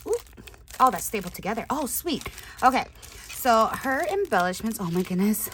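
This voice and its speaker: Woman crafting host, mid-pitched, casual unboxing chat, gushes and drops into whispers, faint background noise. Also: a little slow. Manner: gushing, with frequent excited exclamations and soft whispered asides.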